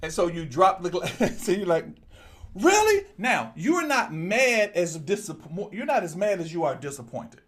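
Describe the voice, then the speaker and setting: A male preacher delivers a sermon in a fairly high voice. He talks straight to the congregation and repeats his phrases. He drops to low murmurs, then breaks into loud exclamations. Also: big pitch swings, moderate pace, few pauses, breathy edge.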